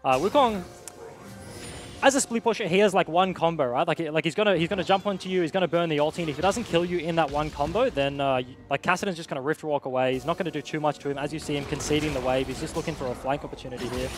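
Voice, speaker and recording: A man giving quick analytical color commentary on an esports match, bantering with his co-caster. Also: fairly high pitch, faint music behind.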